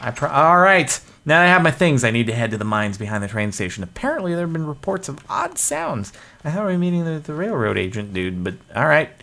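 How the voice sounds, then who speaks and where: A man's voice: fairly high pitch, very animated, fast, gravelly, bright, forceful tone. Man, gaming host, casual self-mocking commentary. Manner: jokey, self-mocking, chatty.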